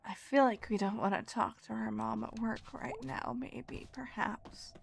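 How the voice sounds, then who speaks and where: A woman streaming a video game, chatting loosely, laughing often and swearing in loud bursts of frustration. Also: on the high side, moderate pace, vocal fry, a little hiss or hum. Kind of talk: let's play commentary.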